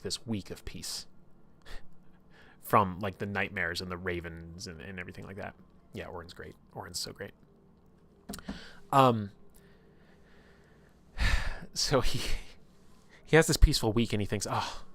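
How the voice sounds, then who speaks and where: A man casually recapping his tabletop campaign on a stream, rambling and full of filler words. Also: lowish voice. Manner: rambling, filler-heavy, lots of "like".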